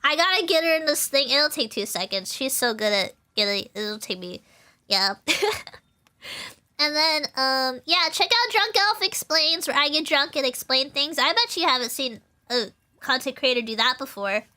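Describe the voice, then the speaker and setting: Teary and emotional, a young woman streaming as a VTuber giggles and rambles bubbly with lots of likes and ums. Her high voice is animated, bright and forceful at a moderate pace.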